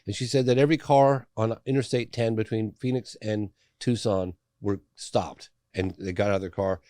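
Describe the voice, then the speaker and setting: A middle-aged man, a documentary filmmaker, telling a story as a guest in a podcast interview, animated and loose with fillers. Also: on the low side, moderate pace, no echo, studio quality.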